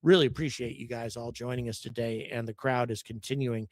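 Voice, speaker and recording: A man's voice: mid-range voice, fairly even intonation, no room sound. A man hosting a live stream, chatting casually and greeting viewers by where they watch from. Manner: chatty, greets viewers by location in quick lists. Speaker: livestream host.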